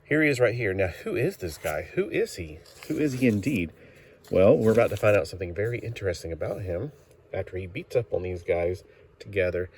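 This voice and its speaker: A man's voice: low voice, lively intonation, fast, a little hiss or hum. A man giving a casual comic book review, rambling along with fillers and self-corrections.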